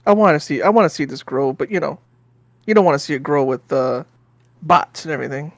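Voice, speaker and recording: A man's voice: fairly high pitch, brisk, creaky, no echo. A man co-hosting a game stream, chatting casually and reading viewer comments aloud.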